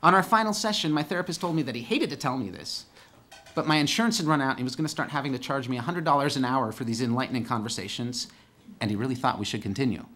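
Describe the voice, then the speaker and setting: Sardonic man telling a dark monologue. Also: medium pitch, fast. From northern California. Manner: swings between hushed somber tones and loud emphatic outbursts. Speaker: solo stage performer. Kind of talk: theatrical storytelling monologue.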